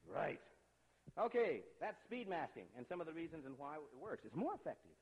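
Husky guy talking fast to a crowd, voice bouncing all over, chummy asides. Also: high-pitched, big-room sound, highs cut off. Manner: animated, chummy, addresses audience directly with asides. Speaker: speaker giving a talk to young people. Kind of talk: lively seminar talk to a live audience.

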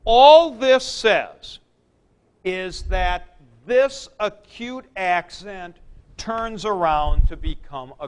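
A man teaching a class, explaining slowly with fillers and "okay?" checks to the students. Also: sits high, smooth. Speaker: Greek teacher. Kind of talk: classroom lecture.

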